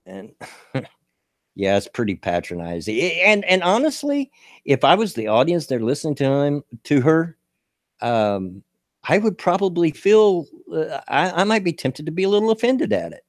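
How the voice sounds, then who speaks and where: Kentucky guy hosting a talk show, southern drawl, bouncy pitch, folksy and stammery. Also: big pitch swings, moderate pace, no room sound, clean studio sound. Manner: folksy, repeats words and laughs often. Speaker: show host. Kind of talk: casual political commentary chat.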